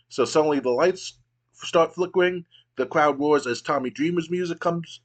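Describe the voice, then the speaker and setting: A man's voice: fairly high pitch, moderate pace. A man casually narrating his wrestling management game, storytelling loosely with fillers. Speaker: game streamer.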